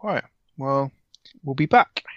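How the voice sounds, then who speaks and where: A man's voice: mid-range voice, measured pace, no echo. A laid-back, cocky man playing his character in a tabletop game. He keeps calling others mate. His mic sounds dull and very dry. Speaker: player.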